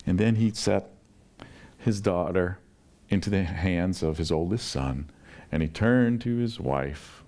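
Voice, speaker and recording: A man, a pastor, telling a story in a relaxed conversational sermon and acting out the quoted voices. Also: low-pitched, measured pace.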